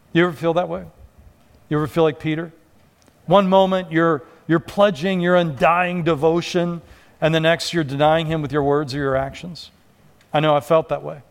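A man's voice: a little high, clean tone. A male pastor preaching a sermon in a conversational way, acting out quoted voices.

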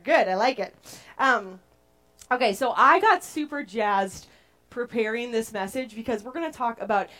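A young adult woman preaching a casual, playful sermon to a group, chatty and animated as she tells stories. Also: fairly high pitch.

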